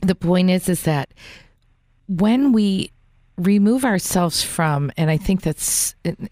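A woman's voice: on the low side, expressive, slow pace, darkish tone, no echo, studio quality. A woman host speaking reflectively in a rambling way. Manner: rambling and reflective, restarts often. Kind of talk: reflective conversation.

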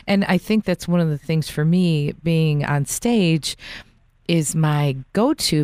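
A woman's voice: sits low, a little mellow, no room sound, clean studio sound. A woman host speaking reflectively in a rambling way. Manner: rambling and reflective, restarts often. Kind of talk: reflective conversation.

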